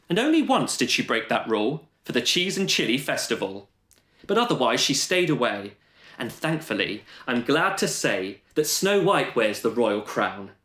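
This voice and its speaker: Lively man telling a rhyming tale. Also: medium pitch. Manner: playful, lively sing-song delivery. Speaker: storyteller. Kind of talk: rhyming panto-style storytelling. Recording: roomy echo.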